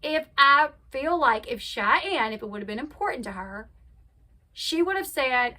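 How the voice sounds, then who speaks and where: A young woman with a high, bright voice talks through a reality show recap in a loose, chatty way. She gives her opinions freely and acts out what each person said, with plenty of fillers along the way. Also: animated, moderate pace. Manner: chatty, opinionated, retells scenes by acting out quotes. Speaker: reality TV commentary host. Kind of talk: casual recap commentary.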